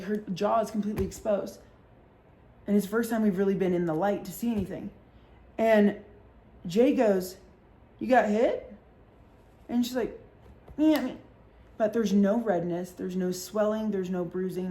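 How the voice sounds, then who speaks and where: Woman, podcast host, casual storytelling, filler-heavy, swears freely, mid pitch. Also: steady tone, mellow. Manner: fast-talking, full of fillers and swearing.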